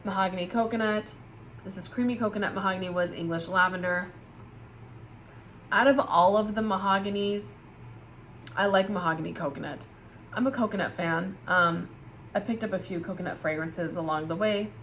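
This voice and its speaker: A woman's voice: medium pitch, normal speed, long pauses, fairly bright tone, slight background noise. A tired woman chatting casually and with gushing enthusiasm as she reviews scented candles for her viewers. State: tired, yawning. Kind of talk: casual product review vlog.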